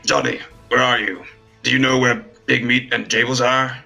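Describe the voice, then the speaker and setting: A man talks casually as a player in a tabletop game, laid-back and a little hesitant. His voice is gravelly with a very bright edge. Soft music plays faintly behind him. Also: mid-range voice, little pitch movement, normal speed.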